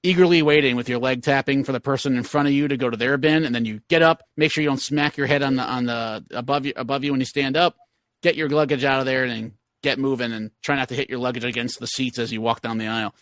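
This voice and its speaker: A man with a bright, forceful voice spins a long, rambling anecdote in relaxed podcast talk, full of little fillers and restarts. The sound is dry and close, with no room around it. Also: medium pitch, fast, no room sound. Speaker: podcast co-host. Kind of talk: casual chat.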